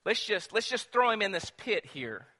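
A man voicing a biblical eldest brother who pleads in hurried, stammering bursts. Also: high-pitched, big pitch swings, pushed and bright, voice pushed up, full character voice. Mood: pleading. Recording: long church reverb.

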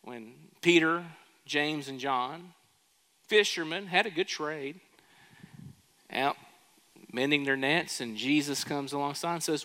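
A pastor delivers a sermon in a church sanctuary, his voice fairly high and sharp, moving slowly with long pauses. He tells a story and puts questions to the congregation. A long church reverb trails his words.

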